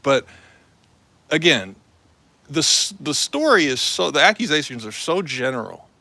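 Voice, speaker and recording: A man with a bright, forceful voice rambles through a casual live-stream monologue. He talks loosely, full of fillers, restarts and slang. His pitch sits in a middle range for a man. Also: no echo.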